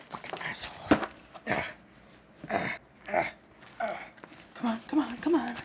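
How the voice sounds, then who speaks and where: A woman performing a comedic skit, voicing quarrelling characters with cursing, yelps and shouting outbursts. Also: on the high side, very animated, a little slow, pauses often, background noise.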